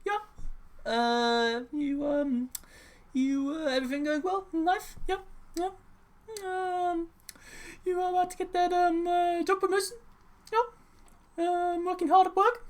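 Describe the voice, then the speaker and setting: Man doing a pompous cartoon baby, high and nasal, smug teasing, full of ums. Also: fairly even intonation. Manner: halting with many ums, teasing questions.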